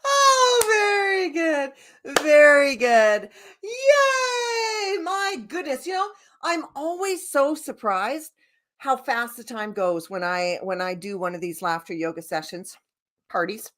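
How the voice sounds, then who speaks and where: A woman leading a laughter yoga session, bubbly and giggly, gently coaching the viewer directly. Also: a little high, lively intonation, a little slow.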